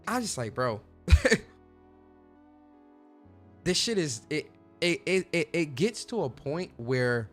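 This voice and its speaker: Man, gaming podcast host, casual rant, cursing, stammers and repeats, crisp bright tone, faint music behind. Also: mid-range voice. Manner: profane, emphatic, stammering repeats.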